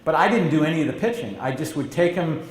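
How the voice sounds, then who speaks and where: A man's voice: fairly high pitch, lively intonation, fast, echoey room. Man telling a rambling business story. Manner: rambling with restarts, acts out quoted voices. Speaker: interviewee, entrepreneur. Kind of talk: conversational storytelling. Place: stage or meeting room, event interview.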